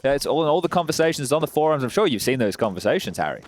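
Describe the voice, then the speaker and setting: A man's voice: medium pitch, very animated, quick pace. A male esports caster trading playful, teasing banter while commentating. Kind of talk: color commentary. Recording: game gunfire and clicks under the commentary.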